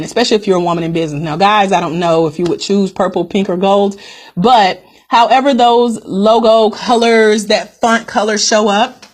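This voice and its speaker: A woman business coach with a medium-pitched voice hosts a live-streamed coaching call. She's upbeat and direct, addresses her viewers as "guys," and repeats her key points.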